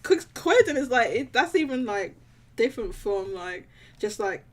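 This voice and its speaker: A woman's voice: fairly high pitch, sing-song, normal speed, far from the mic. A woman hosting a casual call-in stream, laughing often and restarting her sentences. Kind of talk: casual chat.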